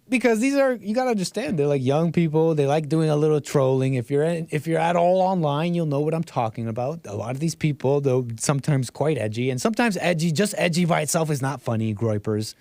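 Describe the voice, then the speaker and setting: A man's voice: fairly high pitch, a little mellow, no room sound, clean studio sound. A man giving casual livestream commentary, rambling and restarting phrases, tagging his points with "right?" and chuckling between remarks. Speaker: livestream host.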